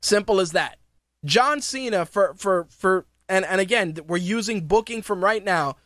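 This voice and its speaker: A man's voice: high-pitched, moderate pace, sharp tone, no room sound, studio quality. A man hosting a podcast, ranting profanely and sarcastically in opinionated wrestling talk. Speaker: podcast host.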